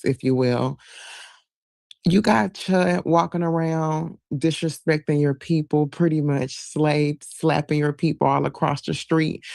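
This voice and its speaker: A woman's voice: low-pitched, gravelly, darkish tone, no room sound, clean studio sound. A woman calling in to a show, arguing back with profane, sassy comebacks. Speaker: caller. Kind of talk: call-in argument.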